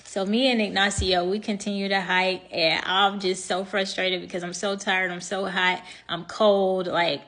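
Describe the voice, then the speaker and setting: A young woman vlogger telling a story in a chatty, expressive way, speaking straight to her viewers. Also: fairly low pitch. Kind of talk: casual storytime.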